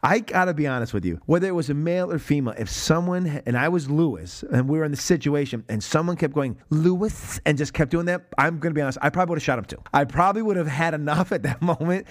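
A man hosting a podcast, talking casually and excitedly about a film, swearing freely and acting out lines from it. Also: fairly high pitch, fast talker, hardly any pauses. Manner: excited, profane, acts out movie quotes. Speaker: podcast host.

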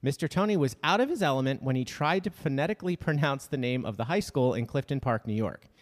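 Lively-voiced male podcast co-host. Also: medium pitch, quick pace, long reverb tail. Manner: jokey, reads listener emails aloud. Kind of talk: casual chat.

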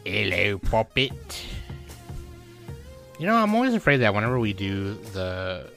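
A man's voice: lowish voice, wildly swooping pitch, brisk, fairly bright tone, faint music behind. A man hosting a casual podcast chat, joking and bantering with his co-hosts. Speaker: podcast host.

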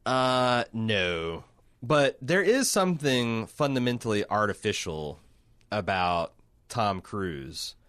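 Low-voiced rambling profane man. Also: sing-song, takes it slowly, a bit bright, smooth, no room sound, studio quality. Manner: rambling, profane, many restarts. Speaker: podcast co-host. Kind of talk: casual chat.

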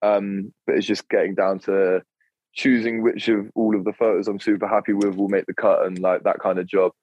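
A man's voice: lowish voice, little pitch movement, a little fast, darkish tone, no echo, lo-fi sound. A young man, chatting as a podcast guest in a laid-back, rambling way. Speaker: podcast guest, clothing creator. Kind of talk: casual chat.

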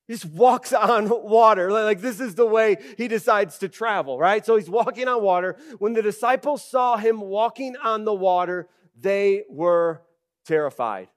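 A pastor with a high-pitched voice preaches a sermon at a moderate pace, animated and conversational. He rises to loud bursts and scatters casual fillers like "okay" and "right."

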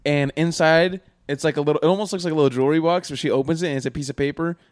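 A man's voice: a little high, steady tone, very fast, no echo, clean studio sound. A young man in casual podcast chat, retelling stories in a slangy, profane way.

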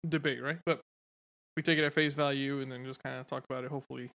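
A man's voice: medium pitch, steady tone, fast, vocal fry, bright, forceful tone. A man co-hosting a podcast, telling stories in a rambling, loose way with cursing and easy laughter. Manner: rambling, swearing, laughs easily. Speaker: podcast co-host. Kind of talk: casual podcast chat.

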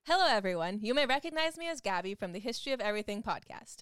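Smooth-voiced woman reading a podcast promo. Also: mid-range voice, animated, very fast, a bit bright, dry recording, faint music behind. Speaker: podcast host in an ad. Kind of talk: scripted promo.

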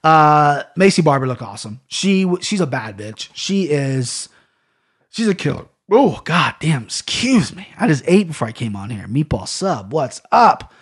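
A man's voice: on the high side, big pitch swings, normal speed, slightly rough. A man hosting a casual MMA podcast, blunt and profane, rambling through fight picks with lots of restarts. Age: adult with a young daughter. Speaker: podcast host.

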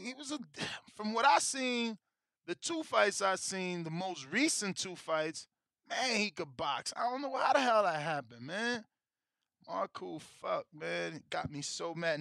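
On a boxing show, a male host chats casually about betting and fights, breaking into emotional rants full of heavy slang and swearing. His voice sits high with a bright, forceful tone, captured in a dry, studio-quality recording.

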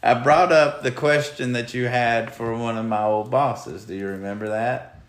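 A man's voice: medium pitch, steady tone, moderate pace. A man hosting a podcast in casual chat, laid-back and joking. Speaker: podcast host. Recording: echoey room.

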